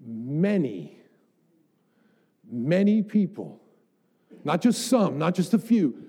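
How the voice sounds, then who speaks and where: A man's voice: on the high side, sing-song, slow, dark tone, husky. A middle-aged man preaching a sermon as pastor, emphatic, building up with rhetorical questions to the congregation.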